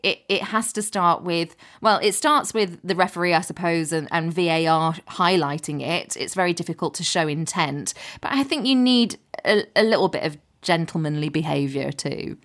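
A woman with a fairly low voice sharing sports opinions in casual, reflective chat. She muses aloud, weighing one point against another. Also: normal speed, hardly any pauses, fairly bright tone. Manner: thoughtful, musing opinions. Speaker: podcast co-presenter.

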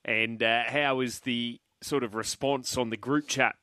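A man's voice: medium pitch, steady tone, measured pace, sharp tone, clean tone, no room sound, studio quality. An Australian man hosting sports radio, taking calls in an easygoing, casual way. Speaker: radio host. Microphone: studio mic.

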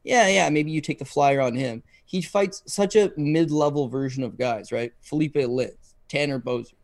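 A man co-hosting a casual podcast, giving emphatic, quick breakdowns of fights and betting picks. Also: on the high side, no room sound. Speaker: co-host, fight analyst.

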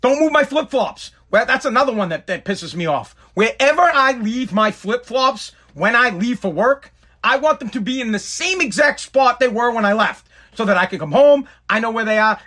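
A man with a high-pitched voice hosts a casual podcast. He rants in an exasperated, emphatic way and keeps hammering the same complaint over and over. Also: expressive, moderate pace, pushed and bright. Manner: exasperated, emphatic, repetitive ranting. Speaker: podcast host.

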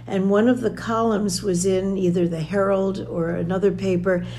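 A woman's voice: mid-range voice, fairly even intonation, normal speed, warm tone, a little hiss or hum. An older woman telling a personal family story in a conversational way. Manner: conversational, quotes dialogue as she tells it. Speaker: storyteller recounting a family memory.

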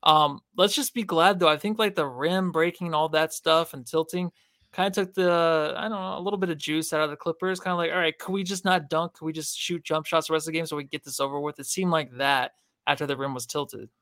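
A man's voice: a little high, steady tone, a little fast, fairly bright tone, no echo, studio quality. Easygoing male podcast co-host. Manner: laid-back, laughs easily. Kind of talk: casual basketball chat.

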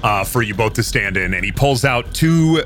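A man's voice: medium pitch, expressive, normal speed, over music. A man narrating a tabletop game as game master in a casual way. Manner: casual, with fillers.

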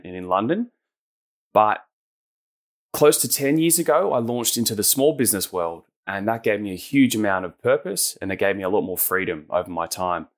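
An easygoing Australian man in his forties, with a low voice. He talks in a relaxed, friendly way and laughs easily as an interview guest. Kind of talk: casual interview chat.

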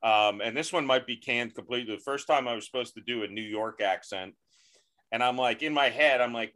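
A male comedian guest on a podcast, rambling in a self-deprecating way with halting restarts. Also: mid-range voice, bright, forceful tone. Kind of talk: casual comedy podcast chat.

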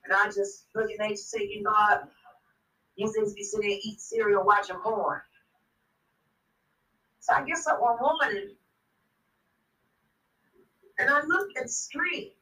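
A woman guest on a podcast, telling a story in a blunt, animated way and swearing constantly. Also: mid-range voice, measured pace, pauses often, far from the mic, rough recording. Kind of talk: profane storytelling.

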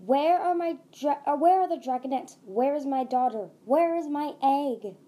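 A woman voicing a regal, commanding queen of sea dragons in a storybook reading, speaking loudly and emphatically. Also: fairly high pitch, moderate pace, close to an everyday voice. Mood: demanding. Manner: loud, demanding and emphatic.

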